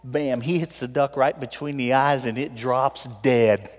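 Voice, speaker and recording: A man preaching a sermon in a church, telling a story and pleading with the congregation, swinging between loud appeals and soft, quiet moments. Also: medium pitch, steady tone, measured pace. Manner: tells a story with voiced characters. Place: church sanctuary. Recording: long reverb of a large hall.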